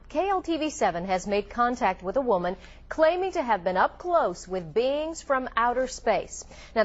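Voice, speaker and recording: Female TV anchor; fairly high, crisp, punchy lead-in; dull broadcast audio. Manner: crisp anchor delivery, lifting for emphasis. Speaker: news anchor. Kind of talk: scripted news intro. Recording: muffled news broadcast audio.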